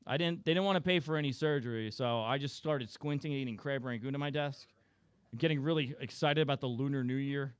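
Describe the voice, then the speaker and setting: A man's voice: medium pitch, a bit bright, smooth, no room sound. A young man doing a rambling, crude, self-deprecating stand-up roast set. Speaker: stand-up comedian.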